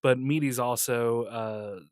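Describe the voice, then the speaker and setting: A man's voice: mid-range voice, fairly even intonation, slow, no room sound. A man co-hosting a casual podcast in a mid-range voice. He teases and jokes, then reads comic news aloud with small stumbles. The sound is dry and close to the mic. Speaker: podcast co-host. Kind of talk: casual banter and reading news.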